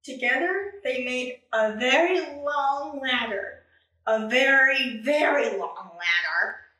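A woman reading a children's picture book aloud in an expressive, animated way. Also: high voice, slow pace, recorded from a distance. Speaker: storybook reader. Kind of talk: children's story read-aloud. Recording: echoey room, away from mic.

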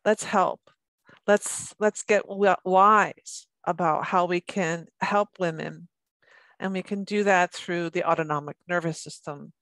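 A middle-aged woman giving a recorded lecture, talking in a halting way with many restarts and repeated words. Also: fairly low pitch, dry recording. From United States. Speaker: presenter on birth trauma.

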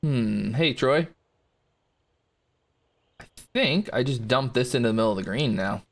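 A man's voice: mid-range voice, expressive, unhurried. Chatty man commentating a golf game. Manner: chatty, reacting to shots and chat. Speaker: gaming streamer. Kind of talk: casual gameplay commentary.

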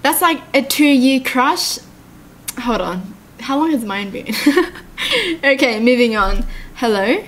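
Giggly chatty woman, higher voice. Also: animated, slow, long pauses, fairly bright tone. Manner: giggly and chatty, often laughing at herself. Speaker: YouTuber reacting to a text story. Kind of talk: casual reaction chat.

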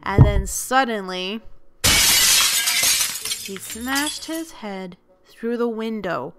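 A woman who works as a school bus driver, telling her stories as narration for an animated video in an expressive, lively way. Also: mid-range voice, drawn-out words, loud music behind the voice. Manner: lively, expressive storyteller who acts out the people she quotes.

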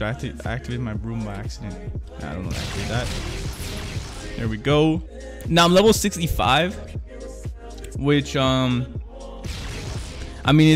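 A man's voice: medium pitch, a bit bright. A young man hosting a gaming channel, giving casual, slangy gameplay commentary and correcting himself often. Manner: slangy, hyped, self-correcting gamer talk.

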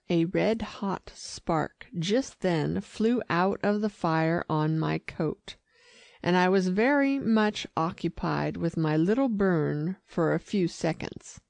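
A woman narrating an audiobook in a measured, careful reading. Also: fairly low pitch, gravelly, darkish tone, no echo. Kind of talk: scripted narration.

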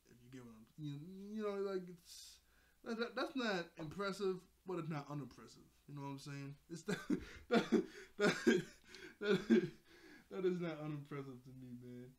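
A man's voice: a little high, expressive, normal speed. Rambling man recapping a cartoon. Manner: rambling, laughs often, corrects himself mid-sentence. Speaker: anime reviewer. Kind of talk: casual episode recap commentary.

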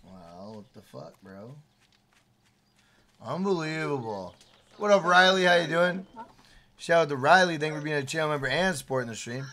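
A man streaming a survival game with his wife, swearing freely, shouting hype catchphrases and reading out viewers' names from the chat. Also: a little high, lively intonation, normal speed, long pauses. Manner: reads out chat names and thanks members. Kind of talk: casual livestream gaming chat.

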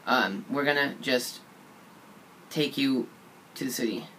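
A man's voice: medium pitch, slow pace, sharp tone, soft background music, rough recording. A man voicing a weary, fed-up male caravan captain who grumbles and brushes people off.

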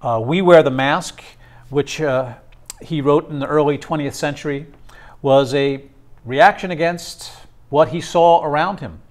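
A male instructor giving a classroom lecture, talking haltingly with many fillers and restarts. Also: on the high side.

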